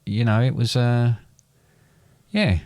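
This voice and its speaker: A man's voice: mid-range voice, animated, takes it slowly, darkish tone, no room sound, clean studio sound. A middle-aged man, a father and podcast co-host, chatting casually and rambling with many restarts and fillers. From England. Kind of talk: casual chat.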